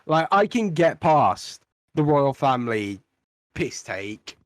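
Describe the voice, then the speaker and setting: A man's voice: medium pitch, sing-song, slow pace, dry recording. A young man co-hosting a casual podcast, ranting bluntly with plenty of swearing. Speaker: podcast co-host.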